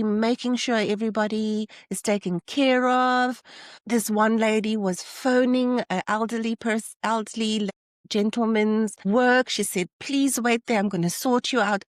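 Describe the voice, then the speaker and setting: A woman hosting a casual solo podcast, talking in an animated way and acting out the people she quotes. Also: dry recording, clean studio sound. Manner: animated, acts out quoted people with rising pitch. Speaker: podcast host.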